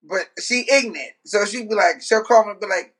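A husky, high-pitched man speaking. He tells funny stories in a loose, laughing way and slips into voices of the people in them. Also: a little fast. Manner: animated storyteller, laughs often, mimics voices. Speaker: gospel singer. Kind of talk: casual storytelling chat.

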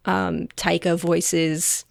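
Slow-talking, gushing woman chatting. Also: lowish voice, flat delivery, gravelly, no room sound, studio quality. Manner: gushing, enthusiastic, many fillers. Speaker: podcast co-host. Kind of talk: casual chat.

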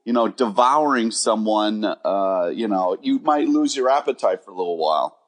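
A man co-hosting a casual podcast, easygoing and quick to laugh. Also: fairly low pitch, expressive. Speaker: podcast co-host.

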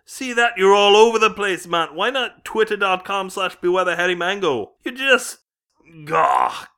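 A man's voice: fairly high pitch, sharp tone, clear, resonant tone, pitched above the performer's own voice. A man putting on a brash mock-British bloke. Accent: put-on British accent. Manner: teasing, blustery, rapid asides. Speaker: podcast host. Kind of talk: comic put-on accent bit.

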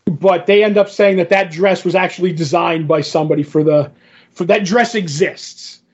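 Man, podcast co-host, husky voice, rambling recap, lots of fillers, dull lo-fi audio. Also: high-pitched, normal speed. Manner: rambling, filler-heavy retelling with quoted dialogue. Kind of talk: casual comic book recap chat.

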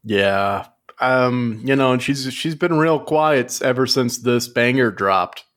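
A man co-hosting a casual comedy podcast, delivering mock-serious jokes in a deadpan way. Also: medium pitch, slow. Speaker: podcast co-host.

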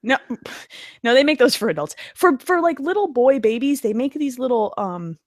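A woman's voice: sits high, expressive, normal speed, no room sound, studio quality. A woman hosting a podcast, talking in casual, profane, joking chat. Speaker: podcast host.

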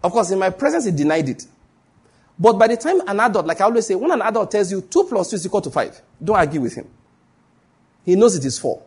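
A Nigerian male pastor preaching a live-streamed sermon, telling stories and repeating key phrases for emphasis, dropping to a hush and then rising. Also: sits high, big pitch swings, fast talker, breathy edge. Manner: dramatic shifts between hushed and raised voice.

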